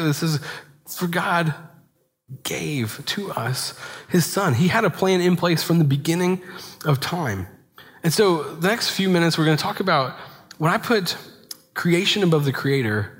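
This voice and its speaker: A man in his thirties preaching a sermon in a relaxed, conversational way, full of asides and rhetorical "right?" checks. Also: fairly high pitch. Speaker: pastor. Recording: long hall reverb.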